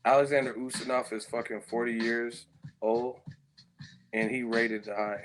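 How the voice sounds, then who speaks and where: A man's voice: medium pitch, little pitch movement, a little slow, over music. A man hosting a live-stream chat, rambling and profane as he riffs on viewer comments. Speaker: host.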